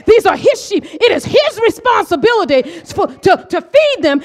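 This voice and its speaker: A middle-aged woman preaching a sermon, impassioned, swinging from hushed asides to shouted declarations. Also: very high-pitched, sing-song, normal speed, hardly any pauses.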